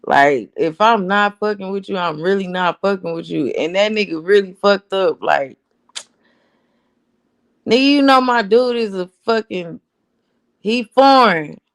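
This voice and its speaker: A woman's voice: mid-range voice, measured pace. A woman, telling a story in a casual, blunt, profane rant. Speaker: host.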